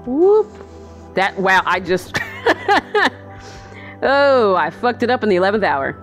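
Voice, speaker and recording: A woman's voice: medium pitch, lively intonation, a little fast, a bit bright, soft background music. A woman giving let's play commentary, chatty and goofy, talking to herself as she plays. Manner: chatty, goofy, talks to herself while playing. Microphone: desk microphone.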